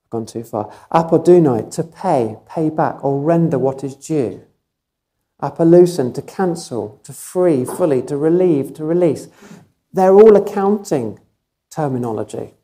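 A man's voice: on the high side, animated, measured pace, dark tone. A man preaching a sermon, telling a story vividly and emphatically, often repeating phrases for effect.

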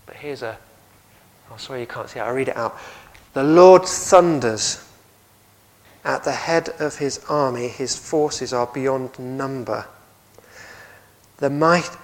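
A man with an English accent and a mid-range voice preaches a sermon, telling lively stories and asking the congregation questions. The rough recording carries a little hiss or hum.

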